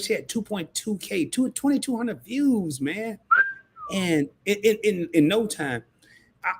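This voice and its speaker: Brief: husky man, higher voice, animated preachy livestream host. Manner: animated, stumbling restarts, preachy. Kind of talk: casual livestream talk.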